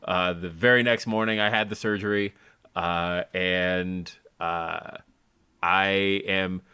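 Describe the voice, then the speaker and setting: A man's voice: low-pitched, little pitch movement, takes it slowly, bright, forceful tone, smooth, no echo. Lisping man telling a story. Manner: rambling storytelling with many fillers. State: lisping after oral surgery. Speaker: podcast co-host. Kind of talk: casual podcast chat.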